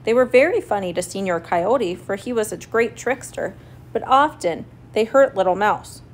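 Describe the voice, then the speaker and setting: A woman reading a children's story aloud in a clear, expressive, steady way. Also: mid-range voice, moderate pace. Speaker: story reader.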